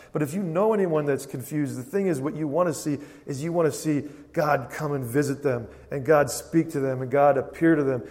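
In a big-sounding room, a man with a mid-range voice preaches an earnest sermon. He repeats phrases for emphasis and shifts between quiet passages and loud declarations.

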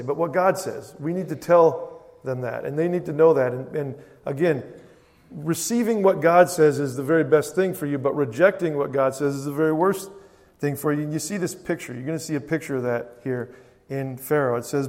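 A male preacher with a slightly higher voice delivers an earnest sermon, hammering key phrases again and again. He drops to near quiet, then rises to ringing declarations. The sound carries the long reverb of a big church hall. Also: moderate pace. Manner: earnest, repetitive emphasis, swings between quiet and loud.

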